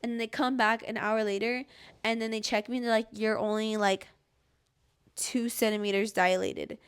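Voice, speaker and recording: A young woman hosts a casual podcast with a somewhat high voice. She rambles through a personal story and drops "like" into nearly every phrase. She acts out her own past pleas and cries as she goes. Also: little pitch movement, normal speed, clear, resonant tone. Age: young adult. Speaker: podcast host.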